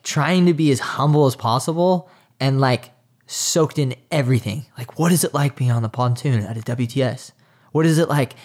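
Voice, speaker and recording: A man's voice: mid-range voice, a little mellow. A young man, a triathlete guest, talking earnestly in a casual interview, with lots of filler words. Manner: earnest, talks with many "like" fillers.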